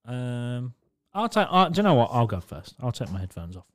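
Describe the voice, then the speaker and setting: A man chatting on a podcast in a relaxed, everyday way. His voice sits at a middle pitch, and he rambles, swears casually and laughs a lot as he explains things. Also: moderate pace. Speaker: podcast co-host. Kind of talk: casual chat.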